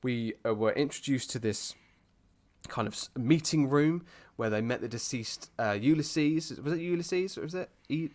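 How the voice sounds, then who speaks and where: This is a man from the UK co-hosting a casual chat podcast. His voice sits in an ordinary middle pitch. He talks in an animated, rambling way, full of restarts. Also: moderate pace. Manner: animated, rambling, puts on voices and laughs often. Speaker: podcast co-host.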